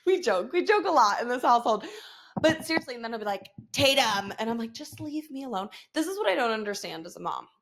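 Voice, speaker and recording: A foul-mouthed woman in her thirties hosts a casual solo podcast rant. Her voice sits a bit high, and she laughs often and slips into quick impressions of her kid. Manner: profane, animated, laughing often, mimics her son. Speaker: podcast host.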